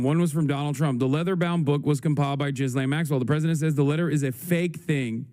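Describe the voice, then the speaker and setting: A man's voice: fairly high pitch, a little fast, hardly any pauses, a little mellow. Frantic swearing young male streamer. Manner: frantic, swearing, thinking aloud. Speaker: livestream host. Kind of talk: casual livestream commentary.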